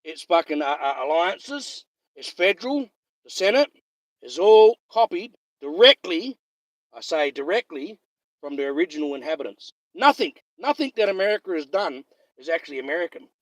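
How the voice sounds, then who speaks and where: Heated, foul-mouthed high-voiced man. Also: sing-song, normal speed, dry recording. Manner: profane, heated, repetitive. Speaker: livestreamer. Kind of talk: ranting livestream monologue.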